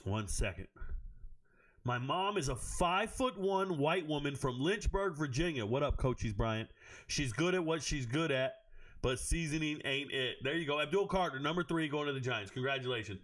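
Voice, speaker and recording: A man hosting a livestream, reading chat aloud and riffing on each pick with loud, profane joking. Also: fairly high pitch. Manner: quick, animated jumps between chat and draft picks. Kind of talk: casual livestream commentary.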